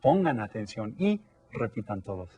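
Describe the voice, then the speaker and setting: A man teaching an elementary Spanish lesson on video, quizzing young pupils and repeating Spanish words slowly for them to follow. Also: on the low side, big pitch swings, dark tone, husky. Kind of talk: recorded classroom lesson for children.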